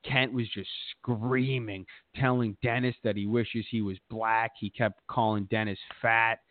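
A man's voice: on the low side, flat delivery, a little slow, no echo. A man hosting a podcast, telling a rambling, profane story in a boastful casual way. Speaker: podcast host. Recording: tinny phone-like dry sound.

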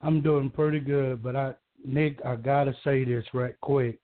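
A man from Georgia calling in to a talk show, speaking emotionally in a halting, rambling way with many restarts. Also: medium pitch, flat delivery. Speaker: caller. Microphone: telephone. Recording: tinny phone line.

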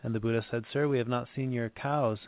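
A man sharing a short teaching story as a lay minister, calm and steady with small fillers. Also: medium pitch, fast talker, no room sound. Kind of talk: sermon storytelling. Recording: tinny phone-like band, dry.

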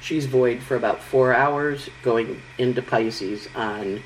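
Middle-aged woman astrologer, low voice, chatty forecast, faint room hiss. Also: slow pace, low-quality recording. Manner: chatty, animated, breaks into high-pitched quoted voices. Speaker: astrologer host. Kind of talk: casual weekly astrology forecast.

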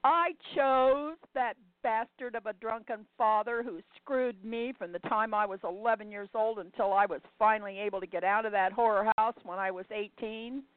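A woman's voice: a little high, normal speed, few pauses, dry recording, voice pushed up, natural voice. A woman voicing a bitter, furious older woman from Brooklyn, who speaks bluntly and profanely. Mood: outraged. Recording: dry, tinny phone-like sound.

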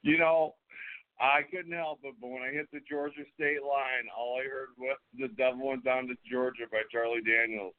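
Over a tinny, phone-like line, a middle-aged wrestling show host chats casually with promo-style swagger, calling people brother. His voice is medium in pitch with fairly even intonation, moving at normal speed with hardly any pauses.

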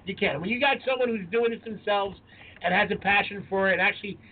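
Forties male co-host, loud and profane, higher voice, phone-quality recording. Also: quick pace. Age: 40s. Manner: profane, emphatic storyteller. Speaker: podcast co-host. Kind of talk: casual chat. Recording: tinny phone-like sound, faint noise.

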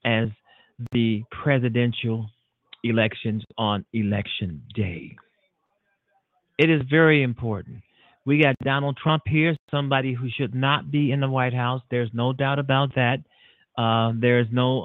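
A man's voice: mid-range voice, dry recording. A man hosting a casual internet radio show from a home studio, out of breath, talking in a repetitive, emphatic, rambling way. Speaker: host. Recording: tinny phone-like line, dry.

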